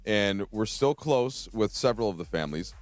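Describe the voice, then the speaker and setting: A man's voice: lowish voice, expressive, normal speed. A man co-hosting a sports radio show, chatting in a wry, sometimes hesitant way. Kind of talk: radio talk show chat.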